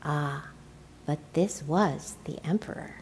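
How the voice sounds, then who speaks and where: A woman reading a children's picture book aloud in an expressive, playful way. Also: sits low, slow, slight background noise. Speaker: storyteller. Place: church.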